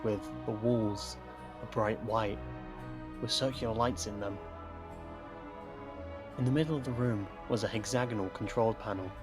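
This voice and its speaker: A man narrating a story in a steady storytelling delivery. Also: fairly low pitch. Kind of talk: scripted narration.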